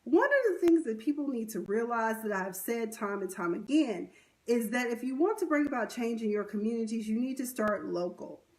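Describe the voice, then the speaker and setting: A woman's voice: fairly high pitch, expressive, moderate pace, a little mellow, recorded from a distance. A young woman giving blunt, opinionated commentary in a casual vlog, often repeating words as she starts sentences. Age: young adult. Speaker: vlogger.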